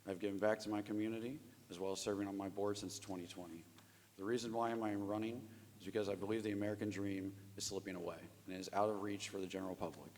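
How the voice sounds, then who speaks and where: Hoarse male candidate, 30s, low voice, hall reverb. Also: steady tone, fast talker, a little mellow, slight background noise. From Ohio. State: losing his voice. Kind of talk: prepared opening statement.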